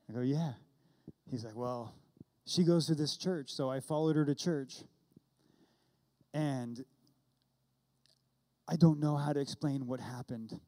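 A man's voice: on the high side, dark tone. A man in his forties preaching a sermon, telling a story and acting out both sides of the dialogue. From California. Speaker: pastor. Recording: long hall reverb.

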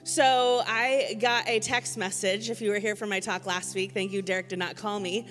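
A woman's voice: medium pitch, steady tone, moderate pace, a bit bright, big-room sound, soft background music. A woman giving a casual church sermon from the stage, telling chatty, self-deprecating stories with many fillers. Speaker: guest speaker filling in for the pastor.

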